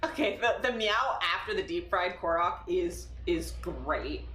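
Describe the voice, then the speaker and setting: A woman's voice: fairly low pitch, lively intonation, a little slow, echoey room, background noise. A young woman streaming live, chatting casually and swearing freely as she laughs at herself.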